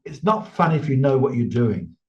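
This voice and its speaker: An older English man, a medium, telling lively anecdotes in a casual interview and laughing often. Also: mid-range voice, fairly quick. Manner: chatty storyteller, laughs often, lively quoted voices. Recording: slightly dull sound.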